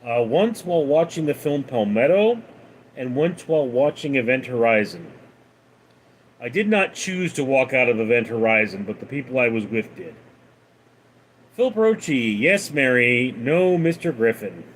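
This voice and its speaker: A man hosting a casual livestream, reading viewer questions aloud and answering them in a deadpan way. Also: medium pitch, normal speed, slight background noise. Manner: deadpan, reads names then answers. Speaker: livestream host.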